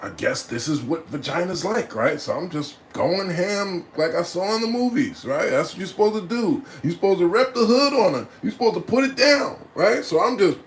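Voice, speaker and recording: A man telling a personal story in a casual, animated way, often laughing and adding "right?" to his lines. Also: high-pitched, normal speed, hardly any pauses, a little hiss or hum. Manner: acts out voices and loud cries.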